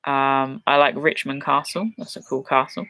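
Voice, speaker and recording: A woman's voice: rumbling low, steady tone, moderate pace, a bit bright, slight background noise. Chatty young Englishwoman on a live stream. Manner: chatty, self-deprecating, laughs often. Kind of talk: casual live chat reading viewer questions.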